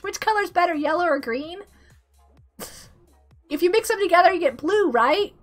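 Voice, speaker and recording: A woman's voice: very high voice, expressive, moderate pace, long pauses, soft background music. A woman streaming a game live and chatting casually, bubbly and giggly, sick with a cough. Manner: bubbly, giggly, reads chat aloud.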